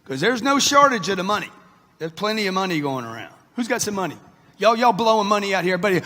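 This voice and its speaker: A motivational speaker in his sixties delivers a brash, punchy talk directly to a live audience in a large event hall. His voice is high-pitched, fast, bright and forceful with big pitch swings, and the hall's long reverb trails every line.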